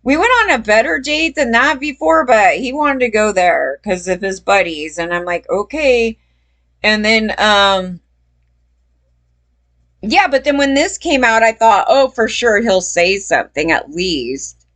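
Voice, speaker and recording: A woman's voice: animated, measured pace, fairly bright tone. Rambling, swearing woman telling a story. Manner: rambling, swearing, laughing, pitch jumping up when emphatic. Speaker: person telling her story. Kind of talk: casual storytelling.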